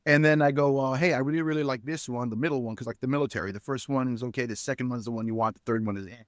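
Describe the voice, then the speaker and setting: Middle-aged man, podcast guest, mid-pitched voice, dry close sound, chatty rambling storyteller. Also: very fast, no room sound. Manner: rambling anecdotes with many fillers and restarts, acting out quoted dialogue. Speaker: podcast guest, spirits company founder. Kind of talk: casual storytelling interview.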